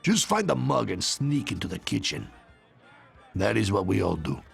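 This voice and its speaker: Gruff game pirate, gravelly and husky, swinging pitch. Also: male voice, very animated, moderate pace, faint music behind, heavily acted. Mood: grumbling. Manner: grumbling pirate talk. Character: gruff tavern pirate, grumbling man.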